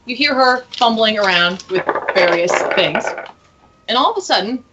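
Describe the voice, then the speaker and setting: A woman's voice: on the high side, animated, normal speed, dull audio, heavy background noise. A woman narrating a tabletop game as game master, playfully describing sounds to the players.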